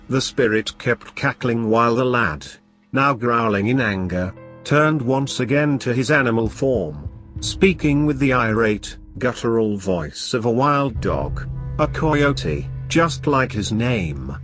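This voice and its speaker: A man telling a folklore horror story in an expressive, theatrical way. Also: mid-range voice, a little slow, soft background music. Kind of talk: dramatic horror narration.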